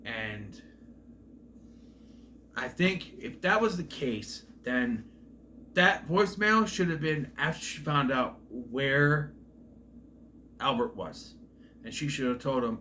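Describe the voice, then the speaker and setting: A man giving a casual, rambling recap of a film's plot, with restarts and asides, who sometimes acts out characters' lines in loud voices. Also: medium pitch, animated, unhurried, long pauses, slight background noise. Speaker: film reviewer.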